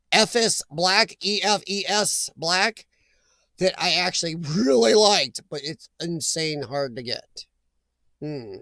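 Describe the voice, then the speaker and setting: Gravelly high-voiced chatty man. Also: a bit bright, no room sound. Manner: rambling, jokey, reacts to chat comments. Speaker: host of a live chat stream. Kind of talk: casual live-stream chat.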